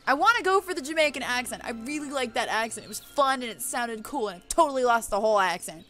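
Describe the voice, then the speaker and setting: A woman's voice: a little high, animated, fast, fairly bright tone, soft background music. A woman playing a visual novel, chatting casually and joking at her own attempts at accents. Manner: self-mocking, laughing at own accents. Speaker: game streamer. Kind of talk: casual chat while reading a game aloud.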